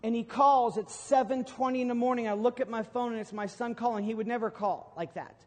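This middle-aged pastor delivers a story-driven sermon, his fairly quick, steady voice rising in emphatic swells and breaking into sudden loud bursts. He sounds high-pitched for a man, and a long reverb tail trails his words across the big hall.

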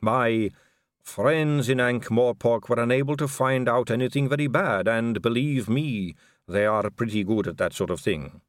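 A man's voice: mid-range voice, normal speed, dry recording, clean studio sound, close to an everyday voice. A man voicing a poised, middle-aged female vampire aristocrat, polite and gracious with a light teasing edge.

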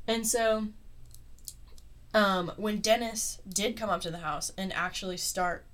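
A woman's voice: mid-range voice, fairly even intonation, a little slow, a bit bright. Profane, mocking woman podcaster. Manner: profane, mocking, laughs often. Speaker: podcast host. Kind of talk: casual true-crime chat.

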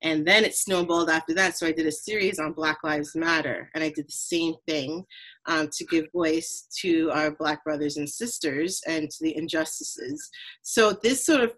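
A woman from Trinidad, hosting a podcast, telling her story in an earnest, animated casual conversation. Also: low voice, moderate pace, poor audio. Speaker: podcast host.

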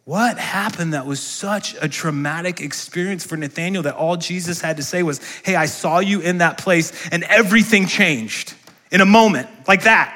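A man's voice: high-pitched, moderate pace, pushed and bright. A male pastor preaching a sermon in a church, asking the congregation questions and calling for responses. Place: church sanctuary.

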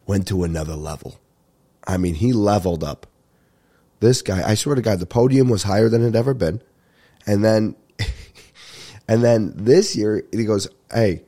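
Still congested from a sinus infection, a young man with a warm, fairly low voice hosts a comedy podcast. He rambles through casual, funny stories, laughing a lot and swearing freely.

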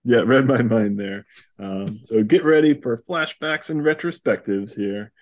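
A man hosting a podcast, recapping a comic in a casual chat, chuckling often and filling pauses with ums. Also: medium pitch. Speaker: podcast host.

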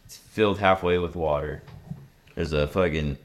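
A young man hosting a casual podcast, telling a story in a laid-back, profane and lively way. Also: low voice, moderate pace. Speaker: podcast host.

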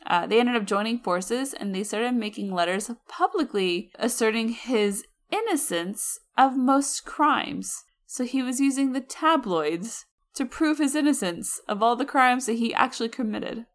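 A woman's voice: fairly high pitch, lively intonation, measured pace, few pauses. A woman co-hosting a podcast, telling a history story in a casual, slangy way with chatty asides. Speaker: podcast co-host.

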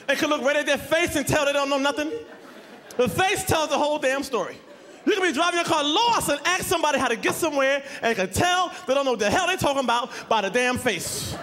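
A man performing a stand-up comedy set, telling stories loudly with profanity and bursts of shouting. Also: very high voice, fast. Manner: loud, profane, animated storytelling with shouts. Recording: live club with audience laughter and noise.

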